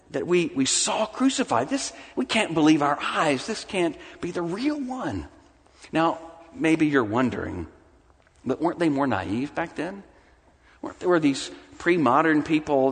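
A middle-aged man preaching a conversational sermon, with lively swings between emphatic passages and soft, hushed asides. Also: on the high side, in a large hall. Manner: animated, conversational preaching with sudden drops to a soft hush. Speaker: pastor.

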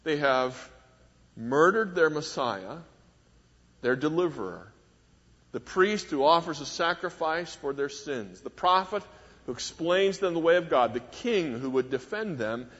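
A man with a husky, slightly high voice preaches a measured, emphatic sermon. His words ring out with a long hall reverb on a dull, lo-fi recording. He swings between soft, low phrases and sharp, raised ones. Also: lively intonation. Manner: measured, emphatic, with wide swings in pitch and volume.

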